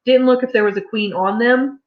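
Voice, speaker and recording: A young woman chats animatedly on a farm livestream. She talks fairly high and laughs often. Her voice carries an echoey, slightly muffled room sound. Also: fairly quick. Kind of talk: casual chat. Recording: roomy, slightly dull livestream audio.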